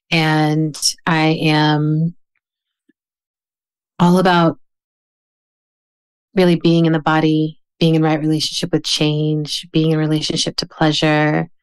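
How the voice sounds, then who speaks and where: A woman from the American South, a writer speaking as a podcast guest in a thoughtful, measured way. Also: low-pitched, clean tone. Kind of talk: reflective podcast conversation.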